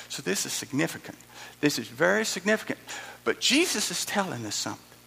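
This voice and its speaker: A man preaching a sermon as a pastor, lively and animated, repeating phrases for emphasis and acting out quotes, in what sounds like a church sanctuary. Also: fairly high pitch, a little fast, creaky, husky. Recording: echoey hall with long reverb.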